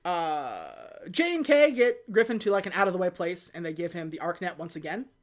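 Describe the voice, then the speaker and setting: A woman hosting a podcast, casually retelling a film plot and quickly acting out the characters' lines. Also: lowish voice. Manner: animated retelling with quick put-on quotes. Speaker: podcast host. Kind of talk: casual movie recap chat.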